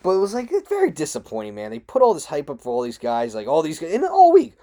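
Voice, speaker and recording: Frustrated, swearing man ranting about sports, mellow voice. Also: wildly swooping pitch, fast talker. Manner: frustrated, swearing, loose and rambling, with big pitch jumps. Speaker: podcast host. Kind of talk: solo sports talk rant.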